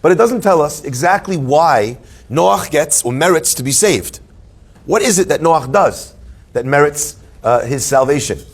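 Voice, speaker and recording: Animated rabbi with a higher voice. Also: male voice, unhurried, breathy edge. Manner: animated, joking storyteller who asks questions. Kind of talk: Torah class before a live audience.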